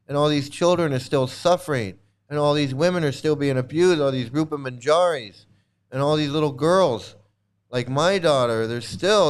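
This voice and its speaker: High, smooth-voiced man ranting emphatically. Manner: emphatic, repeats himself, sarcastic. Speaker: host. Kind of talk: casual monologue.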